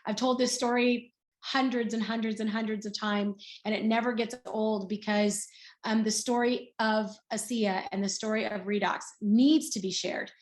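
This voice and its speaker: A woman's voice: mid-range voice, steady tone, normal speed. Chatty woman in her sixties, roomy echo. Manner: chatty storytelling, acts out quoted dialogue. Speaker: guest speaker. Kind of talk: personal testimony on a video call.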